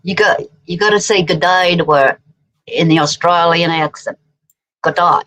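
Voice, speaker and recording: A woman with a somewhat low voice co-hosts a casual livestream. She talks playfully and drifts into anecdotes, teasing her co-host along the way. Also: normal speed, a bit bright, poor audio. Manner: playful, chatty, tells anecdotes.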